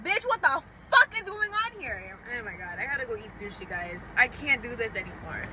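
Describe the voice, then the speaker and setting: A young woman with a slightly high voice talks straight to her viewers in a blunt, profane storytime style. Traffic and street noise run clearly behind her outdoors. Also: lively intonation, a little fast, few pauses. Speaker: vlogger. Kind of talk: casual storytime vlog.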